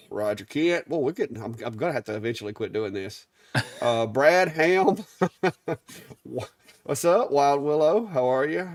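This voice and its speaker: This middle-aged man speaks in a mid-range, darkish voice with no echo and a Southern Alabama accent. Co-hosting a live show, he keeps the chat casual in an easygoing drawl and trips over names.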